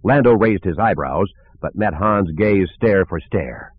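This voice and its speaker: A man narrates a novel in a low, husky voice with lively, swinging pitch. The recording is thin and narrow, like a phone line. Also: a little slow. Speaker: audiobook narrator. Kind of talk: scripted narration.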